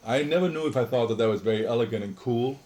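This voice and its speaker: A man's voice: mid-range voice, fast talker, darkish tone. A middle-aged man reminiscing in a casual interview, an exuberant, rambling storyteller.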